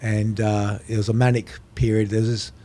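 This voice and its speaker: A man's voice: lowish voice, brisk. A middle-aged man, a podcast guest telling stories in casual chat. He swears freely and acts out the voices of people in his stories. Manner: animated storyteller, swears, acts out quoted voices.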